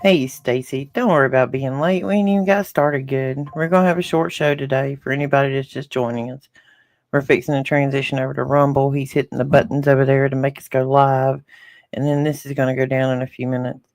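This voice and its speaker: A man's voice: mid-range voice, steady tone, a little fast, gravelly, no room sound, studio quality. A man with a rural Southern American accent, a podcast co-host chatting casually with live viewers and reading their comments aloud.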